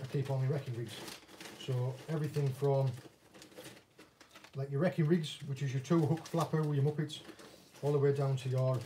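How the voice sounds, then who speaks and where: Medium-pitched and heard over a noisy background, this man has a northern English accent and sits a bit distant from the mic. A former commercial fisherman who now vlogs about angling, he chats casually and pokes fun at himself while answering viewers' questions.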